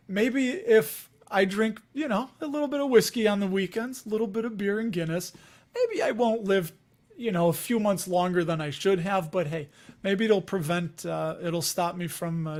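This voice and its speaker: Chatty Chicago man with a high voice. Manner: rambling, chatty, laughs often while talking to viewers. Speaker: investing livestream host. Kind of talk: casual livestream chat.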